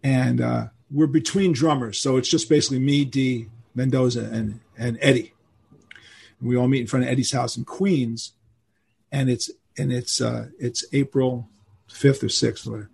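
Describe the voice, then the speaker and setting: An older man, telling animated stories as a guest in a podcast interview and acting out the people he quotes. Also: medium pitch, normal speed, creaky, slightly rough. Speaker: guest musician.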